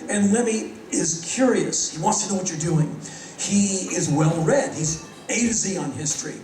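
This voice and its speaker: A middle-aged man with a high voice tells fast, animated stories to a live audience. The sound is echoey and roomy, as if picked up in a big hall from a distance with a faint hiss behind it. He jumps into other people's voices as he tells the stories. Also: faint music behind. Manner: animated, rapid anecdotes acting out others' lines. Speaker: spoken-word performer. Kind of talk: live spoken-word storytelling.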